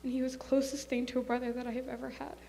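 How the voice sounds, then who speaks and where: High-voiced woman, bit of fry, earnest eulogy, echoey hall. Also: flat delivery, very fast, dark tone. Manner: earnest and plainly worded. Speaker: soul sister giving a eulogy. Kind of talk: memorial speech. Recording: echoey hall with faint hum.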